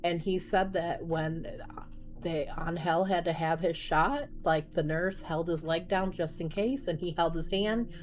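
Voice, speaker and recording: Chatty young mom, laughing through stories. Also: female voice, fairly low pitch, a little slow. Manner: chatty, laughs often, animated retelling. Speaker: mother of young kids. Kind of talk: casual storytime vlog.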